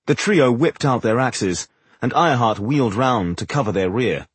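A man reading fantasy narration for an audiobook in a measured, dramatic way. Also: medium pitch, animated, breathy edge, no echo.

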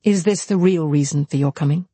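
A man reading aloud and voicing a composed young woman who speaks in a measured, formal, cool way. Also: a little high, mellow, husky, dry recording. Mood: startled. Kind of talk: audiobook character voice.

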